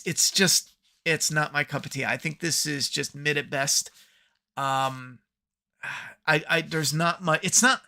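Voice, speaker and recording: A man's voice: fairly high pitch, creaky, pushed and bright. A man hosting a podcast, giving a profane, sarcastic TV review rant. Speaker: podcast host. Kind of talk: ranting TV review.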